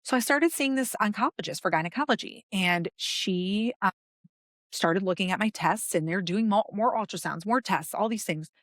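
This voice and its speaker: A woman in her late thirties talks through a personal story as a podcast guest, in an animated way that acts out each exchange. Her voice sits at a middle pitch. The sound is dry, with no room echo. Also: normal speed. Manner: animated storyteller, acting out the dialogue. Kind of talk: personal story told in conversation.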